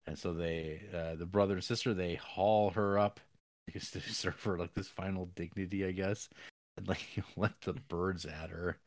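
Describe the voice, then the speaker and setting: A man with a fairly low voice talks through a film's plot in a loose, rambling way. He fills the talk with fillers and wry, profane asides. The sound is dry and close, with no room around it. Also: steady tone, normal speed, dry recording. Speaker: podcast co-host. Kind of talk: casual film recap.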